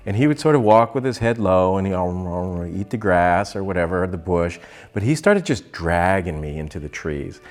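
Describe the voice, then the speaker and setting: Lively, laughing middle-aged storyteller man. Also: low voice, moderate pace. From Arizona, USA. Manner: animated, laughing, conversational. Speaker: host. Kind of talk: comic storytelling vlog.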